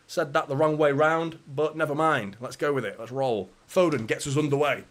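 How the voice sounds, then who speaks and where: A man's voice: on the high side, fairly even intonation, normal speed, few pauses. A man hosting a live match watchalong, chatting casually with viewers, bantering and swearing lightly. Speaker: fan channel host.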